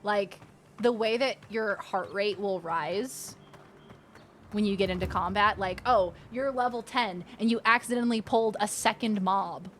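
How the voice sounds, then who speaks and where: A woman streaming a game, chatting casually and reacting with animated outbursts and swearing. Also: medium pitch, a little slow, a little hiss or hum. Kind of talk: casual gaming commentary.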